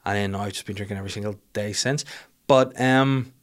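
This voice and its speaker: A man's voice: fairly low pitch, a little fast. A man, telling funny self-deprecating stories about his life in casual, sweary talk. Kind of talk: casual storytelling monologue.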